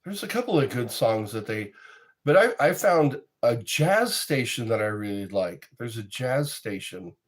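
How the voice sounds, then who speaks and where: Middle aged guy rambling on a stream, slow talker, voice jumps up and down a lot. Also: medium pitch. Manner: rambling, sings snippets and quotes in goofy voices. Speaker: streamer chatting with viewers. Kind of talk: casual chat.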